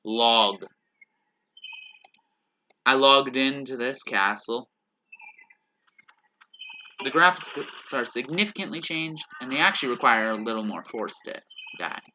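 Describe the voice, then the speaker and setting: A man's voice: mid-range voice, animated, takes it slowly, long pauses, pushed and bright, slight background noise, rough recording. A man giving casual, joking commentary while playing a video game. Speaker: gaming YouTuber. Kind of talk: let's play commentary.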